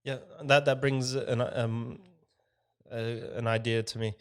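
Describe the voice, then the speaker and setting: A man co-hosting a casual podcast, speaking in a relaxed, conversational way. He livens up and pushes his voice when he quotes others. His pitch is in a typical middle range. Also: slow, clear, resonant tone. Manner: animated, lively when quoting others. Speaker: podcast co-host. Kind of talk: casual business podcast chat.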